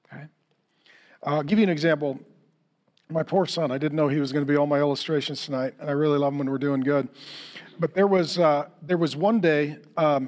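A man preaching a conversational sermon, telling stories and acting out the lines of the people in them. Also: fairly high pitch. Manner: conversational, storytelling with acted-out quotes. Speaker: pastor.

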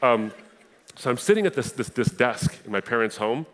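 A young adult man from the Middle East giving a passionate personal testimony in a sermon style, moving between hushed and fiery delivery. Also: medium pitch, lively intonation, normal speed, slight background noise.

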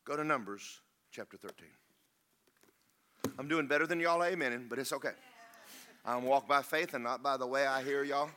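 A man's voice: medium pitch, moderate pace, pauses often, sharp tone, a little hiss or hum. A man preaching a sermon as pastor, folksy and joking, then rising to emphatic preaching.

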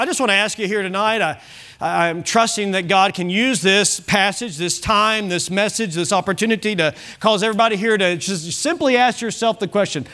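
A male pastor preaching an evening sermon, emphatic, with frequent restarts and softer asides. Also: high-pitched. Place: church service.

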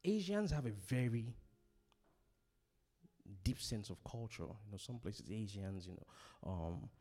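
A husky-voiced middle-aged preacher from Africa delivers a sermon with a very lively, swooping pitch. He hammers home his points by repeating them and asks questions for the listeners to answer. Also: slow pace. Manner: emphatic, repeats key phrases, asks questions for the congregation to answer. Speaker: pastor. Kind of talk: sermon on relationships.

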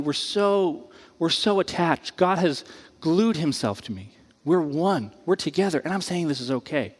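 Male pastor, high voice, chatty animated preaching, long hall reverb. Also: moderate pace, slightly rough. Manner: casual and animated, acts out quoted voices, many "like"s. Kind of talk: conversational sermon.

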